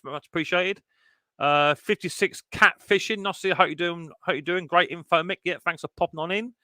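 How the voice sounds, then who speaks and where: A man's voice: a little high, bright, forceful tone, no echo, studio quality. A man hosting a casual live stream chat, greeting viewers one by one and reading their messages aloud.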